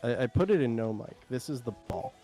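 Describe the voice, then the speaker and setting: A man's voice: medium pitch, expressive, a little fast, warm tone, soft background music. A man from South Carolina with a Southern accent, rambling through casual stream chat and laughing often. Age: adult, former military.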